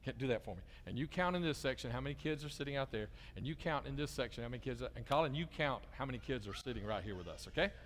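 A middle-aged pastor gives a children's sermon, coaxing the kids with lively questions. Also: male voice, mid-range voice, fast, few pauses. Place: church sanctuary. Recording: long reverb of a large church hall.

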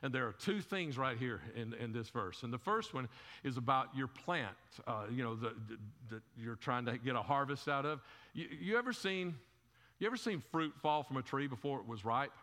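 In a church sanctuary with long hall reverb, a male pastor preaches conversationally, firing rhetorical questions at the congregation and repeating words often, with plenty of fillers. His voice is medium in pitch and sharp in tone, with lively intonation at a moderate pace.

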